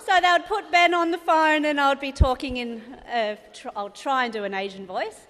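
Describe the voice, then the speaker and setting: A woman's voice: high voice, lively intonation, normal speed, a bit bright, slight background noise. A woman in her thirties with an Australian accent giving a chatty, rambling wedding speech for her sister, laughing often. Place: wedding reception venue. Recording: reverberant hall.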